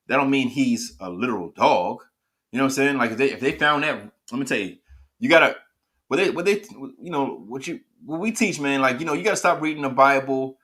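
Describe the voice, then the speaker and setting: A man leading a scripture class in a bright, forceful voice. He restarts his sentences often and keeps checking whether his listeners understand. His pitch sits in an ordinary middle range. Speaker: class teacher.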